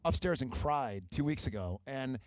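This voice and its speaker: A man's voice: mid-range voice, expressive, normal speed, no echo. A man hosting a casual radio interview, heartfelt and talkative. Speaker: radio host.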